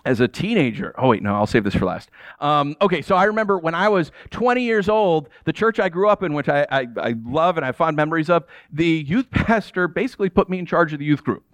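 A man's voice: a little high, fast talker, no echo. A man in his thirties preaching a sermon, telling stories and acting out the voices of people he quotes. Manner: animated storytelling, acts out quoted voices. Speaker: pastor.

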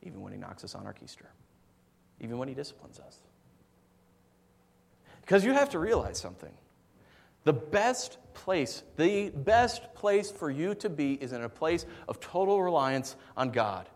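A man's voice: big pitch swings, moderate pace, creaky. Man preaching in a reverberant hall. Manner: swings from soft low asides to loud emphatic preaching; conversational storytelling with fillers. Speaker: pastor. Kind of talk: sermon.

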